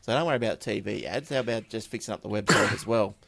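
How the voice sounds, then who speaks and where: A chatty Australian man reads tech news for his podcast, tossing in offhand asides and repeating words. His voice is fairly low, fast, creaky, and slightly bright, the tone of casual chat mixed with news reading.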